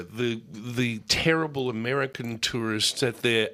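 A man's voice: mid-range voice, measured pace, bright, forceful tone. A man, a radio host who chats and drifts into long stories. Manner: chatty, digressive storyteller. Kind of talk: casual interview chat.

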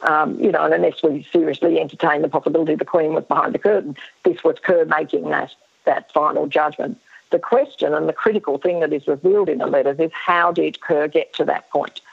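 A woman's voice: low voice, steady tone, a little fast, gravelly, slightly rough. A woman historian, losing her voice, speaks emphatically as a guest in a radio interview and often restarts her sentences. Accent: Australian. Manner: emphatic, many restarts and fillers. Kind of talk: radio interview over the phone. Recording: tinny phone line.

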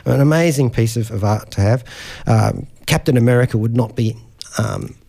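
A man's voice: mid-range voice, normal speed, creaky, warm tone. A man hosting a studio radio interview, chatty and hesitant, with frequent fillers and pop-culture quips. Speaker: radio host.

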